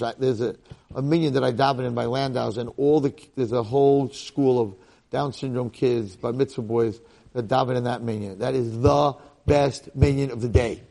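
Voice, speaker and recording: A man, a rabbi giving a casual Torah talk full of personal stories. He gets excited, jumping high and loud to make a point, then dropping low and quiet. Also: creaky.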